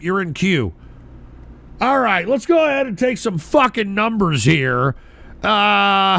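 A man hosting a call-in stream show, ranting abrasively, hurling insults and often bursting into shouts while drinking beer. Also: high-pitched, gravelly, no echo. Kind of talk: profane live-stream rant.

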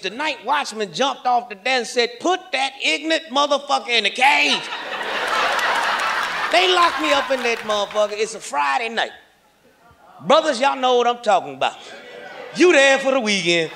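On a comedy stage before a large audience, a man from Kansas City, Missouri, performs a profane stand-up set, telling stories loudly and acting out the other people in them. His voice is very high-pitched, creaky, and very noisy, captured on a live stage mic with a laughing crowd.

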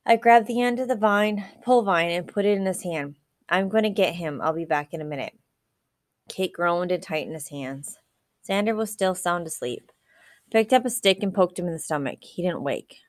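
A woman's voice: on the low side, moderate pace, dry recording. Woman reading a novel aloud, dry close sound. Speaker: audiobook reader.

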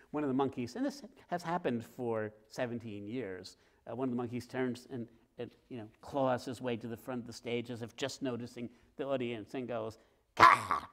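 A middle-aged author talking with a host before a live theater audience, telling stories in a lively way and acting out scenes. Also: male voice, medium pitch. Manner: lively, acts out scenes with sounds and quoted voices. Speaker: author guest. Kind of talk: animated storytelling in conversation.

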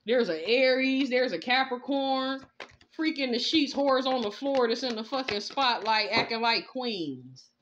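A woman's voice: a little high, lively intonation, a little slow, fairly bright tone, slight background noise. Profane, scolding tarot reader woman. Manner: blunt, profane, scolding, laughs often. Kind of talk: casual spoken tarot reading. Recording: slightly dull lo-fi sound.

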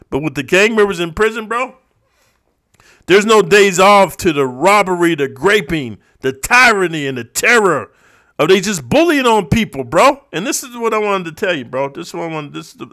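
A man's voice: a little high, bright, forceful tone. A man talking in a casual vlog monologue, streetwise and preachy, constantly calling the listener bro. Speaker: vlogger.

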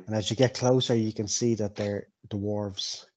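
A man's voice: on the low side, fairly even intonation, moderate pace, a little mellow. A man narrating as game master of a tabletop game, laughing often.

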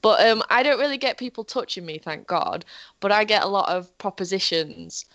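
A young woman co-hosting a casual podcast, speaking at a middle pitch. She is blunt and swears freely, with lots of fillers. Her voice is dry and close to the mic. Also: lively intonation, moderate pace, a bit bright, no room sound. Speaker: podcast co-host. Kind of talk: casual chat.

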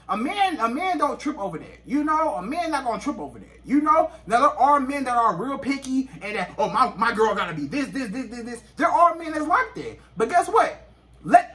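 A man's voice: extremely high pitch, pushed and bright. A man giving relationship advice to women in a casual monologue, emphatic and repeating his points again and again.

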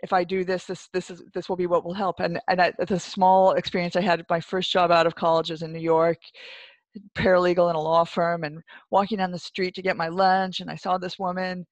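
A speaker in a casual church discussion, earnest and halting, often restarting sentences, heard over a video call. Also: medium pitch, flat delivery, dry recording.

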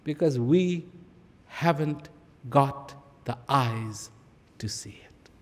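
Male speaker, high and sing-song, drawn-out pauses, soft whispered asides, big hall echo. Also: expressive. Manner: dramatic pauses and repeated phrases, dropping to a whisper. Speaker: spiritual speaker. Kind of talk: reflective public talk with storytelling. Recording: long reverb of a large hall.

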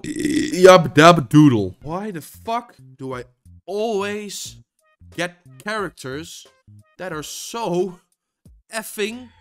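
Young male gaming streamer, high lively voice, swears a lot, shouts when losing. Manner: swings between frustrated shouting and low muttering, lots of swearing. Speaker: gaming YouTuber. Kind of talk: live gameplay commentary.

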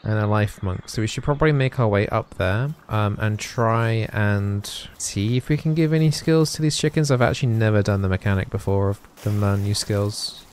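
A man's voice: fairly low pitch, moderate pace, hardly any pauses, a little mellow, slight background noise. Man doing playful gaming commentary. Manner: playful, mock-solemn, chatty with fillers. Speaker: gaming YouTuber. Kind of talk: let's play commentary.

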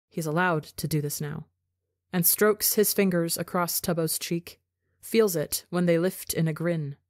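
A woman's voice: fairly low pitch, a little mellow, no echo. Woman reading fiction in a dry close voice. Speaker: fan fiction podcast reader. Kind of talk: scripted narration.

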